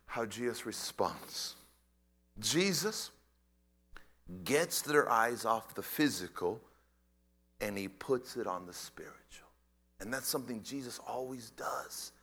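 Lively bright-voiced male preacher. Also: fairly high pitch. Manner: emphatic, repeats words, swings from loud stress to near-whisper. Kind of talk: expository sermon.

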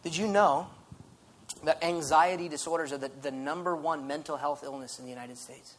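A man, a pastor, preaching a sermon in a lively, conversational way with frequent restarts. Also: on the high side, moderate pace, slight background noise.

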